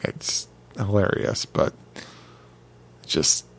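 Slow, teasing man on a podcast. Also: fairly bright tone. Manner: teasing, halting with many fillers. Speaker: podcast co-host. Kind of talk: casual podcast chat.

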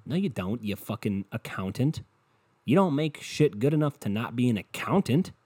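A young man hosts a solo podcast from his bedroom, ranting into a desktop computer mic in a profane, sarcastic, rambling way. His voice is medium-pitched and husky with a warm tone, very animated, at a normal speed.

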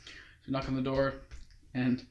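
A man's voice: medium pitch, completely flat delivery, normal speed, darkish tone, lo-fi sound, slight background noise. A young man casually telling a long story as a guest. He rambles and keeps quoting others with "he's like". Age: young adult. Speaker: guest recounting his mission. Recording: roomy echo.

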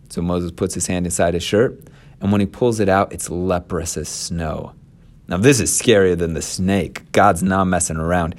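A man's voice: deep voice, moderate pace, a little mellow. A man retelling a scripture story in a casual, conversational way and adding his own commentary. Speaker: scripture teacher.

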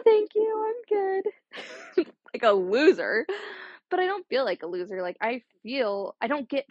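A woman's voice: medium pitch, no echo. A young college-age woman with a drawl talks through a casual solo podcast. She rambles and circles back, sprinkling "like" everywhere. The recording is dry and a bit muffled. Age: young adult. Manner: rambling, chatty, heavy use of "like". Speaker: podcast host.

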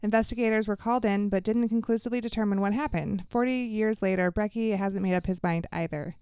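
Smooth-voiced woman podcast host. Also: medium pitch, fairly even intonation, quick pace, mellow, dry recording, clean studio sound. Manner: reads news articles aloud with fillers and laughs. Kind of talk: casual podcast chat.

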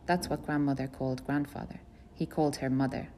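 A woman reading a first-person novel aloud in a plain, measured storytelling voice. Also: extremely low pitch, fairly even intonation, dark tone, a little hiss or hum. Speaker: audiobook reader.

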